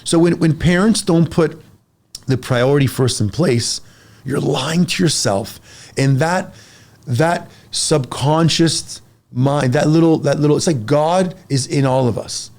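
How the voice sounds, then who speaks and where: Speaking a little slowly in a slightly high voice, a forty-something fitness coach talks casually on a podcast. His delivery is energetic and blunt as he drives listeners with forceful advice.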